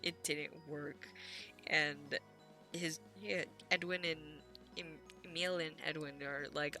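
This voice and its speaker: Low, bright-voiced woman rambling an episode recap. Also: unhurried, faint music behind. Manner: chatty and gushing, with laughs and casual swearing. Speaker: anime recap vlogger.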